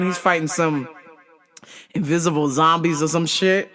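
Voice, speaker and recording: A vlogger telling a casual, profane story in an animated way, acting out the people in it. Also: medium pitch, unhurried, long pauses, crowd noise. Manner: animated and profane, acts out quotes.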